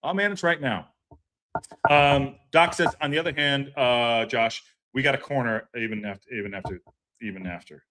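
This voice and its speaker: A man's voice: medium pitch, moderate pace, bright, forceful tone. A man hosting a fan reaction stream, ranting, swearing and repeating himself. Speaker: fan podcast host.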